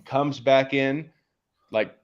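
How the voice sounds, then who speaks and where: A man's voice: medium pitch, fairly even intonation, drawn-out words, dull audio. Laid-back rambling man telling a story. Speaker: podcast co-host. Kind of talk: casual storytelling.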